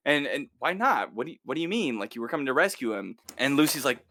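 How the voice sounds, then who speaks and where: A man's voice: medium pitch, quick pace, few pauses, no room sound. A man co-hosting a podcast, casually recapping an episode and acting out the characters' lines as he goes. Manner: animated retelling, acts out the characters' lines. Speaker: podcast co-host.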